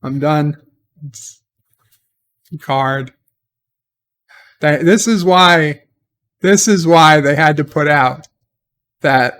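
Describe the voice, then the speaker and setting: A man's voice: a little high, very slow, pauses often, fairly bright tone. A man giving a rambling, exasperated spoken review of a TV episode, often restarting his sentences. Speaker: TV show reviewer.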